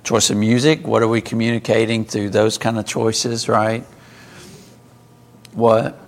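Gravelly-voiced man teaching a Bible class. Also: lowish voice, level tone, measured pace. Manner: conversational, asks the group questions.

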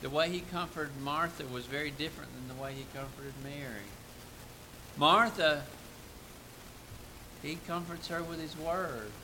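A man preaching a sermon with earnest emphasis, rising for key points and dropping soft and reflective between them. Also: a little high, a little slow, pauses often, noisy background.

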